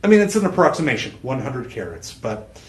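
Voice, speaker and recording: A talkative male shopping host pitches jewelry on a live stream, wandering off into asides and cutting himself short. His voice sits at an ordinary middle pitch and rings with noticeable room echo from the studio set. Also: very animated, brisk. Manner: rambling and chatty, with self-interruptions and laughs. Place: studio set with a TV screen behind.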